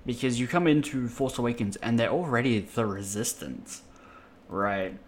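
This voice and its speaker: A man's voice: medium pitch, normal speed, slight background noise. A man co-hosting a podcast, trading easygoing banter and laughing often. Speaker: podcast co-host. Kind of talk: casual chat.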